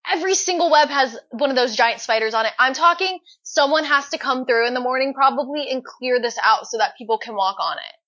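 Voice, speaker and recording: A young woman co-hosting a podcast, telling a story in an animated, dramatic way. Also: sits high, fairly quick, hardly any pauses. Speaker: podcast co-host. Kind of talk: casual chat. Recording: dull lo-fi recording.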